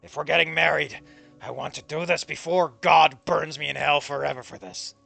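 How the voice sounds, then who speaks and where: A man's voice: on the high side, steady tone, normal speed, gravelly, pushed and bright, dry recording, soft background music, heavily acted. A man reading a brash teasing young woman. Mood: brazen. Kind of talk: reading a fan story aloud.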